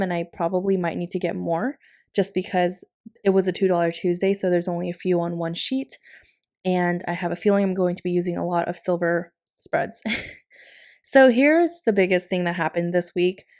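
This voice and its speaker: A woman's voice: lowish voice, steady tone, moderate pace. A woman narrating a planner-decorating vlog in a chatty, casual voiceover, often laughing lightly. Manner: chatty, warm-hearted, with frequent laughs. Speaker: planner vlogger. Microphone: recorded voiceover.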